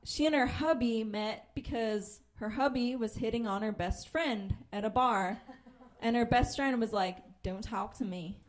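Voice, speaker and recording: Her pitch sits fairly high and she talks a little slowly. This thirtysomething comic from Pennsylvania swears freely and brings her story to life by performing each character's voice.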